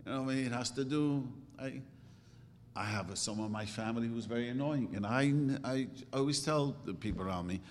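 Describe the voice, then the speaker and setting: A man's voice: medium pitch, a little fast, a little hiss or hum. A middle-aged man giving an earnest sermon as a religious teacher, repeating phrases and asking rhetorical questions. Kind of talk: sermon to a live audience. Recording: long hall reverb.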